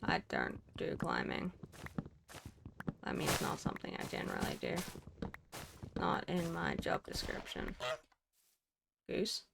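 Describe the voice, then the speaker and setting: Amid background noise, a young woman offers casual gameplay commentary to herself, wry and chatty, mock-indignantly scolding what happens on screen. Her voice is deep and gravelly, swooping wildly in pitch, a little slow, with frequent pauses.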